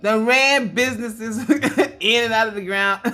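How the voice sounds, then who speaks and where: A woman in her fifties telling a casual story to camera, chatty and quick to laugh. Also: a little high. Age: 50s. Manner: chatty, laughs often, quotes others in animated voices. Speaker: vlogger.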